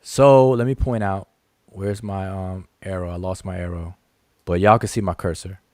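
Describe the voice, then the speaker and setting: A man with a low voice leads a screen-share lesson, emphatic and full of repeats as he points things out. He counts figures aloud and keeps circling back. His voice is recorded dry and close, with no room sound. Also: steady tone, moderate pace, a little mellow, dry recording. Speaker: channel host teaching hieroglyphs.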